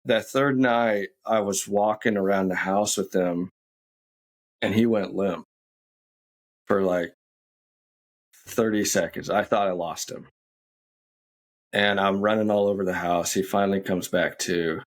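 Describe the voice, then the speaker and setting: A man in his thirties tells a personal story as a podcast guest. His voice sits low and he takes his time, speaking candidly and reflectively. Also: steady tone, a little slow, pauses often.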